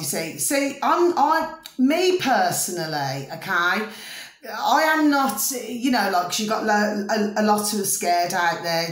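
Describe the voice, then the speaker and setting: A woman's voice: medium pitch, a bit bright, reverberant. A middle-aged British woman chatting in a rambling way to her viewers, often checking that they follow her. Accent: British English. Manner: chatty, repeats "do you see what I mean?" and "ding ding". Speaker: vlogger. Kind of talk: rambling casual monologue to camera.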